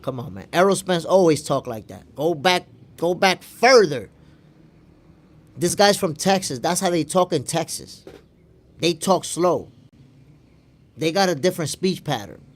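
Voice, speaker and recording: Hosting a boxing live stream, a man with a slightly high, animated voice speaks a little slowly and pauses often. He makes his case emphatically, repeating lines for emphasis as he reads and responds to chat.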